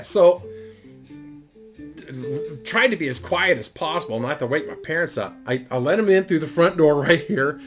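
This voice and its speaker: A man's voice: on the high side, animated, normal speed, soft background music. A middle-aged man telling a story in a casual monologue, rambling and profane, with lots of fillers. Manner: rambling, profane, laid-back delivery with frequent fillers. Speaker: YouTube storyteller.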